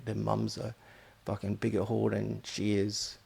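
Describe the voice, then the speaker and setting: A man's voice: fairly low pitch, completely flat delivery, unhurried, vocal fry, darkish tone, husky. A man, a podcast host, telling a rambling, blunt, profane story about his own life. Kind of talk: candid storytelling monologue.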